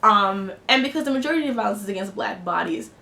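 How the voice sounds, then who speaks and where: A woman's voice: mid-range voice, lively intonation, fast, creaky, bright, forceful tone. A woman giving an impassioned, blunt film review, talking indignantly in a casual, opinionated way. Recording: echoey room with faint noise.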